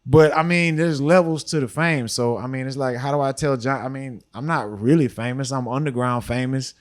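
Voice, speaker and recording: A man, a podcast guest telling long, relaxed stories full of "you know" asides. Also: mid-range voice, moderate pace. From Houston, Texas. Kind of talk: storytelling interview talk.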